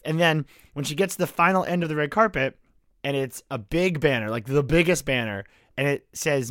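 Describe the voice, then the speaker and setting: A man's voice: fairly high pitch, brisk, a bit bright, no echo, clean studio sound. A young man co-hosting a podcast, telling jokey, sarcastic stories in casual chat. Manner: joking, sarcastic storytelling. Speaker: podcast co-host.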